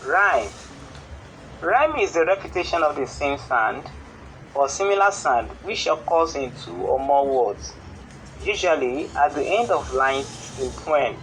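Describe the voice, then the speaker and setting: A man with a Nigerian English accent teaching a school lesson on poetry in a steady, explanatory way. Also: a little high, unhurried, slight background noise, poor audio. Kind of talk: classroom lesson on television.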